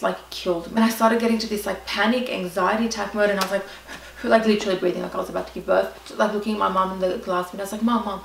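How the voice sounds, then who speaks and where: A young Australian woman rattles through a dramatic storytime, full of "like" and quick asides, with a gravelly edge to her voice. She is recorded in an echoey room with the mic set back, and a faint hiss sits underneath. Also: mid-range voice, recorded from a distance. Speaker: vlogger. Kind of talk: storytime vlog.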